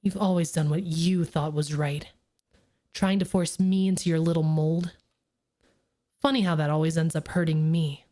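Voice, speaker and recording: A woman's voice: low voice, steady tone, normal speed, pauses often, dark tone, voice pushed down, lightly acted. A bitter, menacing young man, as a woman reads him.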